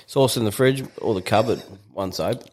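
An Australian man co-hosting a podcast, firing off blunt quick quips in casual banter. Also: fairly low pitch, expressive. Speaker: podcast co-host.

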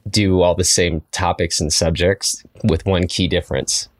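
A man's voice: sits low, fairly even intonation, unhurried, no room sound, studio quality. A man co-hosting a podcast in a laid-back, joking chat. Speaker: podcast co-host. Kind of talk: casual chat.

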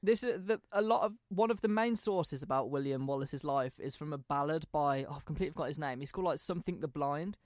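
A man's voice: fairly high pitch, fast talker, few pauses, no echo, studio quality. A young man from England, hosting a podcast and telling history in a casual, hesitant, chatty way. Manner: chatty, hesitant, self-deprecating. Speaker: podcast host.

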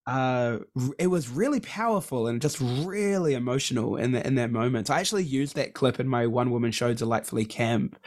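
A man's voice: mid-range voice, animated, brisk, a little mellow. A middle-aged man, co-hosting a podcast in casual chat, candid and effusive, talking openly about his feelings and swearing freely. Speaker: podcast co-host.

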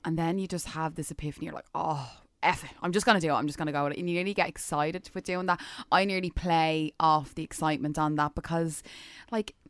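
Low-voiced chatty young woman. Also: fairly even intonation, quick pace, no echo. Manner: chatty, acts out her own inner voice. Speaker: co-host. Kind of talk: casual chat.

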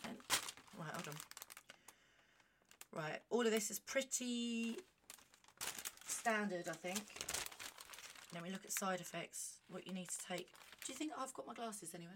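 A woman talking casually on her own podcast, animated and self-mocking, reading aloud with chatty asides. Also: mid-range voice, a little slow, pauses often, heavy background noise. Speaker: podcast host. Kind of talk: casual solo monologue.

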